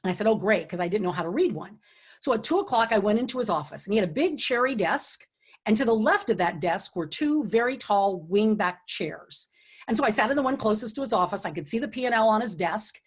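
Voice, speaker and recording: A middle-aged woman with a slightly husky voice hosts a launch party over a computer mic. She speaks earnestly and encouragingly, offering leadership advice and telling stories from her own career. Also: mid-range voice, animated, a little fast. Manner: earnest and encouraging, drops to a hushed tone when retelling quiet moments. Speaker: author and host of a book launch. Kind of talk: online event talk with storytelling. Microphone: computer or webcam mic for an online event.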